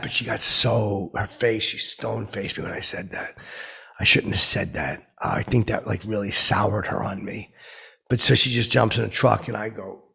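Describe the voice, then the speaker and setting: A man's voice: on the low side, sharp tone, full character voice. A man playing a rambling, starstruck oddball who tells awkward celebrity stories in a comedic character podcast monologue. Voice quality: gravelly, husky voice. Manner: meandering, awkward storytelling with nervous asides.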